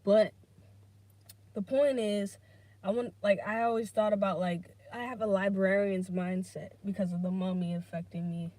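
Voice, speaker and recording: A woman's voice: medium pitch, steady tone, moderate pace, warm tone, no room sound. A woman hosting a casual solo podcast, rambling between topics and swearing freely as she talks things through. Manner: drifts between topics, many fillers. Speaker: podcast host.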